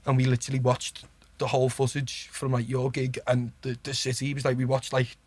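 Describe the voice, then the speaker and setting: A man's voice: medium pitch, a little fast. A man with a Liverpool accent, a podcast guest telling stories in a chatty, sweary way and keeping on asking "do you know what I mean". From Liverpool, England. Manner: gets excited and laughs while telling stories. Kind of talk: casual anecdote-telling.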